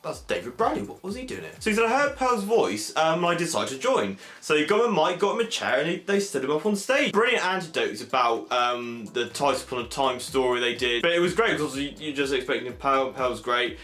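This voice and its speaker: A young man from England chatting excitedly in a casual vlog, full of fillers and animated asides. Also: medium pitch, brisk, few pauses. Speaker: vlogger. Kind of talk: casual convention recap vlog. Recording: echoey room.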